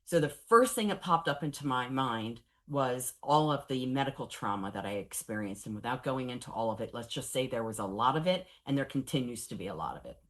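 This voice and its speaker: A woman in her forties runs a professional training session on traumatic grief, speaking in a low voice with candid, animated energy and wry humor. She talks briskly, barely pausing.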